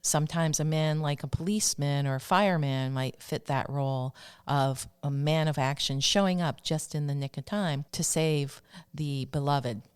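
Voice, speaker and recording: A woman hosting a spiritual self-help radio talk, speaking slowly and soothingly as she leads listeners through repeated affirmations. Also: sits low, steady tone, clear, resonant tone. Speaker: radio show host.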